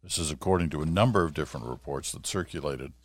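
A middle-aged man hosts a radio talk show from his small home studio. His voice sits very low, and the sound is dry and close. He talks in a loose, chatty way, full of asides and fillers. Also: fast, no room sound. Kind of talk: casual talk radio monologue.

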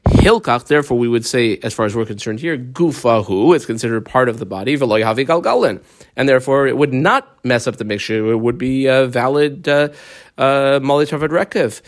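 A man teaching a Talmud lesson, reading Aramaic phrases and explaining them in English with many pauses and fillers. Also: medium pitch, lively intonation.

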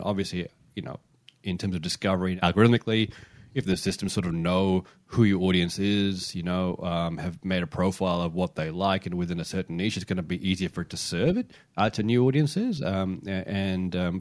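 A man's voice: sits low, a little mellow, no room sound. A man co-hosting a podcast, explaining at length in a casual way, with many fillers and restarts. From Britain or Commonwealth, says niche the non-American way. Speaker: podcast co-host.

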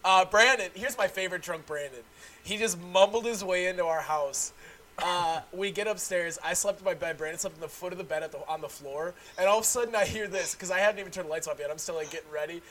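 A young man hosting a casual chat, loudly telling stories with lots of laughing and swearing. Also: high-pitched, quick pace, slight background noise. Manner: loud, laughing storyteller, swears freely.

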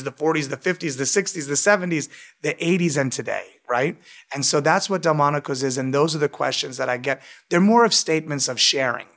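An American man, a restaurant owner and author, tells emotional stories during an interview, his voice fairly high and fairly bright. He frequently tacks on "right?" as he talks.

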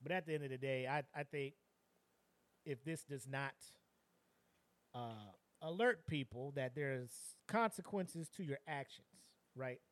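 A man's voice: mid-range voice, unhurried. A man co-hosting a podcast in casual chat, laid-back and slangy, giving his take after his partner's story. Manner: laid-back, slangy, reacts with short interjections. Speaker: podcast co-host.

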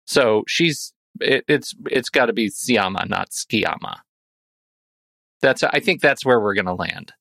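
A man's voice: fairly low pitch, expressive, a little slow, creaky, sharp tone, no room sound. A man co-hosting a film podcast in casual banter, musing and hedging, now and then playfully exasperated with his partner. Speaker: podcast co-host.

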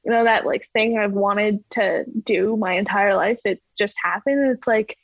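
A woman's voice: mid-range voice, moderate pace, no echo. Young woman, ski jumper guest, casual chatty, fills with like, dull dry audio. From Canada. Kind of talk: casual interview chat.

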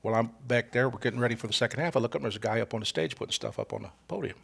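An older man with a gravelly, husky voice, telling hunting stories in a lively way and acting out the people in them. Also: medium pitch, very fast. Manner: animated storyteller, acts out voices in quotes. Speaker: guest co-host, veteran turkey hunter. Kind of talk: casual storytelling chat.

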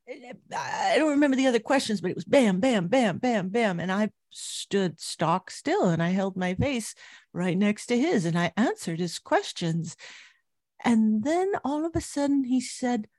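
A middle-aged woman recounting memories as an interview guest, telling her story vividly and growing animated at its high points. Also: unhurried, no echo, clean studio sound.

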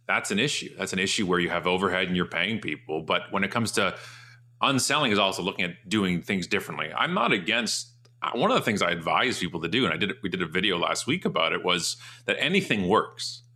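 Energetic man telling a story, bright tone. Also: quick pace. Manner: energetic, emphatic, jumps up in pitch for acted quotes. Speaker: guest, marketing speaker. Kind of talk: animated storytelling in interview.

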